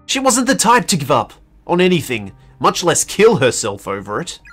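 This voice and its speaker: A man reading aloud as a calm, reassuring teenage schoolboy, in a gentle, steady way. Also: fairly high pitch, moderate pace, husky, faint music behind, exaggerated voice. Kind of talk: dramatic reading of a game.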